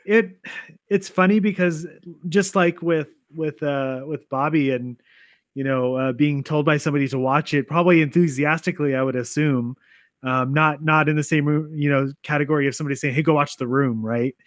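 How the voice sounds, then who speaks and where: A man co-hosting a movie podcast in casual chat. His voice sits a bit high, and he restarts and hedges as he works out a point. The sound is dry, with no echo. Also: fairly even intonation, moderate pace. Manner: thinks aloud, restarts and hedges. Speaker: podcast co-host.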